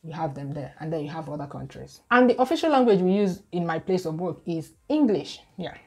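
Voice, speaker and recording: A woman's voice: low voice, expressive, creaky, dark tone, slightly rough, soft background music. A middle-aged Nigerian woman with a Nigerian accent who talks to camera on her channel, earnest and careful. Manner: earnest, slow and careful, reading out viewer comments. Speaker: YouTube creator. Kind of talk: talking to camera.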